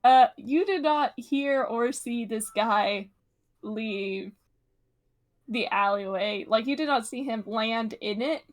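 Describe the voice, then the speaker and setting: A woman running a tabletop game, describing scenes at an unhurried pace. Her voice sits somewhat high and she laughs easily between lines. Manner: laughing, casual, full of fillers. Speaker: game master.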